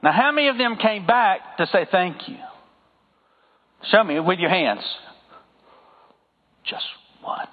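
A high-voiced man with a Southern accent preaches in an easy, conversational way and keeps calling for amens from the pews. His voice comes through thin and phone-like, with a long reverb trailing after it. It sounds like a sanctuary heard over a narrow line. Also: lively intonation, normal speed, long pauses. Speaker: pastor. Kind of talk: sermon.

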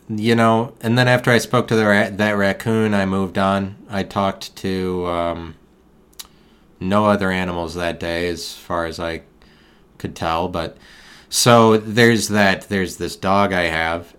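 A man hosting a podcast alone, musing in a meandering, deadpan way with absurd tangents. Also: deep voice. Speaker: podcast host. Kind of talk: rambling solo podcast musing.

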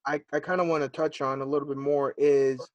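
Chill guy hosting a podcast, says dude a lot, kinda high voice, dry mic. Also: little pitch movement, fairly quick, no room sound. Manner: laid-back, calls listeners guys and guest dude. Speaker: podcast host. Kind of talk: casual podcast chat.

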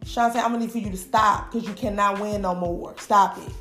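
A woman hosting a casual live stream, hyping up her viewers with drawn-out calls. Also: medium pitch, fairly even intonation, fairly bright tone, reverberant, soft background music.

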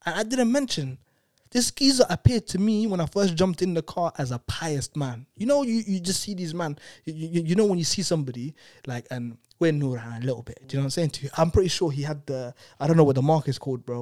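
A man's voice: on the high side, fast talker, no room sound, clean studio sound. A young man, animatedly telling a personal story in casual chat, full of tag questions. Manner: animated, peppered with "innit" and "you know what I'm saying". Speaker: storyteller guest.

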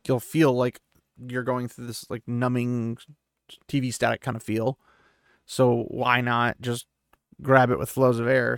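A man recaps a fantasy novel chapter in a relaxed, chatty way, full of offhand asides. His voice is gravelly and close, recorded dry. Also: medium pitch, no room sound. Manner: loose, conversational paraphrasing with fillers. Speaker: podcast host. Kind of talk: casual book recap.

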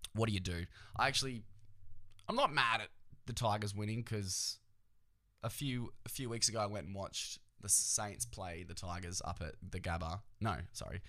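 Rambling, low-voiced Australian man. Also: fairly bright tone. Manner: rambling, profane, joking asides to the listener. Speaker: podcast host. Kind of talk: casual solo podcast chat.

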